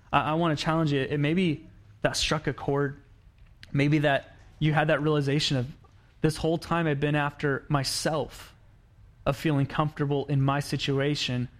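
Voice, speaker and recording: A man preaching in a church in a chatty, storytelling way. His voice sits a little on the high side, and he slips into quoted lines to act out the people in his story. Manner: conversational preaching, acts out quoted lines, frequent restarts. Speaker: pastor. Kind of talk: sermon.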